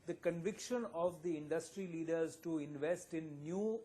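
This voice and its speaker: A man speaking as an economist guest on a live TV news panel, explaining in a measured, analytical way. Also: on the high side, dark tone.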